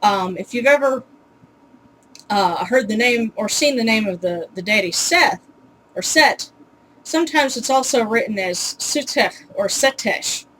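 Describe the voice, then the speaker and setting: A woman's voice: fairly high pitch, expressive, a little slow, pauses often, a bit bright, poor audio. A woman casually teaching pronunciation in a home video, chatty and full of ums, with wry, exasperated asides. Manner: chatty, with many ums and uhs.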